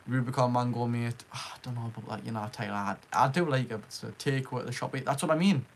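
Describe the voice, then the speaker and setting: A man's voice: medium pitch, fast, hardly any pauses. A young man with a Geordie accent hosts a casual live stream from his room. He chats easily with viewers, hypes up the chat and reads out their names as they come in. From Northeast England. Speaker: livestream host.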